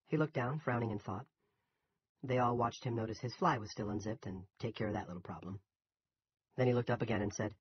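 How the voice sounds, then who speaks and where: Husky-voiced male audiobook narrator. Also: on the low side, brisk, dry recording, dull audio.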